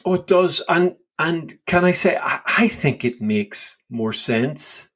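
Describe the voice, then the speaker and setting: A man's voice: fairly high pitch, takes it slowly. Emphatic man explaining scripture. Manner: animated, emphatic, acts out quoted lines. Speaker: podcast co-host. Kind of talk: casual theological discussion.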